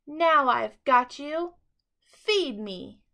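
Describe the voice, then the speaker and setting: A woman playing a hungry shouting fox. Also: sits high, expressive, very slow, gravelly, voice pushed up, full character voice. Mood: scheming. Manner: loud, shouting. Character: hungry sly male fox, scheming.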